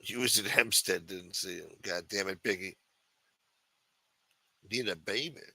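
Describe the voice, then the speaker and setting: A man's voice: low voice, a little slow, gravelly, sharp tone, breathy edge, no echo. A man hosting a casual late-night livestream, rambling, sarcastic and profane as he comments on the news. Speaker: host.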